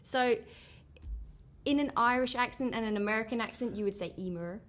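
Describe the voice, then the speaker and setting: A woman's voice: on the high side, steady tone, a little fast, fairly bright tone. A woman in her thirties from England with an Essex accent, chatting casually as a guest in an interview. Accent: Essex English. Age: 30s.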